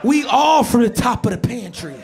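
A man's voice: very high-pitched, animated, normal speed, gravelly. A man from Atlanta doing a brash, cocky stand-up set, teasing the crowd. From Atlanta, USA. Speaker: stand-up comedian. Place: comedy stage. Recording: live club with loud crowd and noise.

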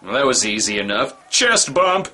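A man's voice: medium pitch, very animated, moderate pace, over loud music. A man giving sarcastic, wisecracking comedic commentary on a movie he is reviewing. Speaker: film review host.

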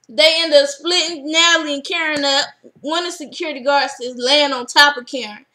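Lively, high-voiced woman recapping a show. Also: normal speed. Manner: animated, acts out quotes. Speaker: reality TV recap vlogger. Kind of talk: casual episode recap.

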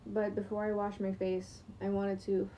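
A young woman talks in a sleep-deprived late-night ramble, full of fillers, restarts and the odd curse word. Her voice is very dark and mellow and stays fairly flat in pitch. She speaks into a computer's screen recording at home. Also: normal speed, slight background noise. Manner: rambling, many fillers and restarts, casual swearing. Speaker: vlogger.

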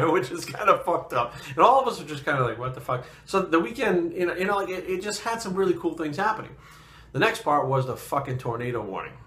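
Recorded in a reverberant space, a man with a medium-pitched, slightly bright voice spins a meandering personal tale. He's a New England fitness vlogger, and his casual talk is thick with constant swearing.

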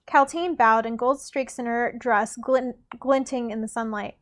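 A woman's voice: fairly high pitch, steady tone, measured pace, few pauses. Woman casually reading a novel aloud. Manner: unpolished reading with restarts and asides.

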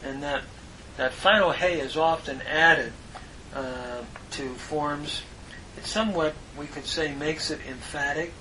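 A man giving a lesson on Hebrew grammar, speaking in a measured way with pauses and frequent "uh" fillers as he spells out terms. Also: fairly high pitch, pushed and bright, a little hiss or hum, low-quality recording. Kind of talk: slow explanatory lecture.

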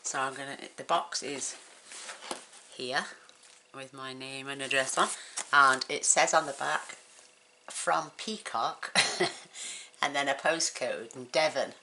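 A woman's voice: rumbling low, fairly even intonation, measured pace, long pauses, sharp tone. A woman hosting a crafting channel, chatting casually and gushing with effusive exclamations as she unboxes mail. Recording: noisy room with paper crinkling.

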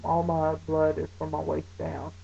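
Woman vlogger, lowish mellow voice, chatty and animated, lo-fi webcam sound. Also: a little slow, creaky, a little hiss or hum. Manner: chatty, frequent fillers; animated retelling. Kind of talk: casual talk to camera.

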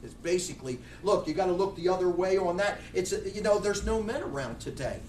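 A man's voice: high-pitched, animated, brisk, darkish tone, a little hiss or hum. A middle-aged man preaching a blunt, fiery sermon with many restarts. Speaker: pastor. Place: church sanctuary. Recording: echoey room, mic far off.

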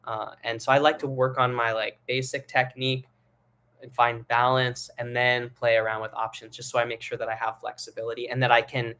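Young male singing coach, mid pitch, relaxed rambling delivery with fillers. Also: fairly quick. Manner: relaxed, rambling explanations with many fillers, breaks into sung and head-voice demos. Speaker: singing teacher. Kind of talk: live online singing lesson.

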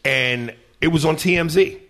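A man who is a comedian and podcast guest, telling profane, animated stories in casual chat. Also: on the high side, normal speed.

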